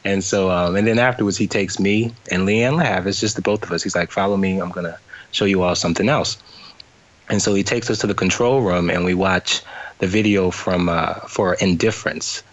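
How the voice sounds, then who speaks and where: A man from New Orleans, a guest in an interview, telling a story in lively detail over a remote call that cuts out. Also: low-pitched, fairly quick, dull audio. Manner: animated retelling with quoted voices and laughter. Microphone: remote call, cutting out.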